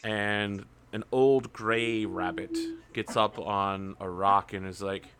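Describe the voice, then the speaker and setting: A man running a tabletop roleplaying game as game master, narrating playfully with quick asides. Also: lowish voice, steady tone, background noise.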